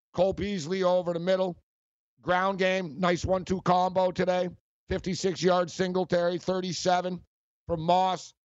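A man's voice: high voice, no echo. A man hosting a sports talk show, ranting in a heated, mocking way and often repeating himself.

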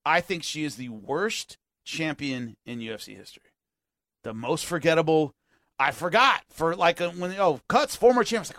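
A man hosting a sports talk radio show, ranting in an animated and exasperated way. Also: fairly high pitch, moderate pace, no echo, clean studio sound.

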